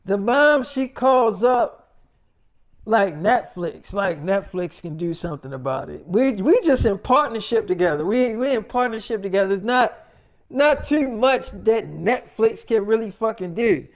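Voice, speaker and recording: A man's voice: sits high, expressive, measured pace. A man casually improvising a rambling story.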